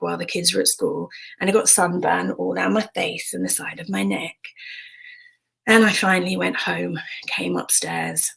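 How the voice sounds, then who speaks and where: British woman, 40s, personal storytelling, frank and hushed, gravelly fry. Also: on the low side, low-quality recording. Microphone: streamed stage mic.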